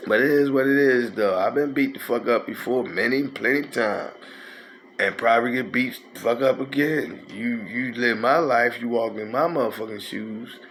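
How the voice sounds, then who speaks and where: A man's voice: medium pitch, normal speed, a bit bright, slight background noise. A man, telling a rambling, profane street story in a casual way. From North Philadelphia. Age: 50s.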